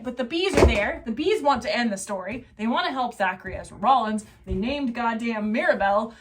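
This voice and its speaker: A tipsy woman giving a rambling, profane, excitable recap of a novel's plot as a casual book reviewer. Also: fairly high pitch, a little fast, hardly any pauses, background noise.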